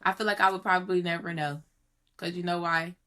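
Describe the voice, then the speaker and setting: A woman argues in a casual podcast debate. She is animated and quick to push back. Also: fairly low pitch. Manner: animated, pushes back, drawls. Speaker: podcast co-host.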